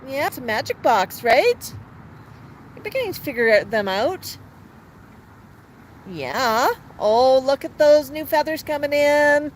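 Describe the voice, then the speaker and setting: A woman with a high, lively voice hosts a live stream with her parrot on an outdoor patio, chatting, telling jokes and laughing. She speaks a little slowly and pauses often, and the poor audio carries faint street traffic.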